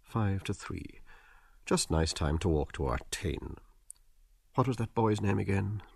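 A man narrating an audiobook in a measured, expressive literary reading. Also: deep voice, vocal fry, slightly rough, dry recording, clean studio sound. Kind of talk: scripted narration.

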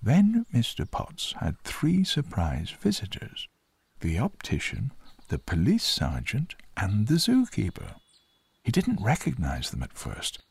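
A man narrating a children's storybook in a gentle, expressive way. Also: fairly low pitch, measured pace, vocal fry, breathy edge, no echo.

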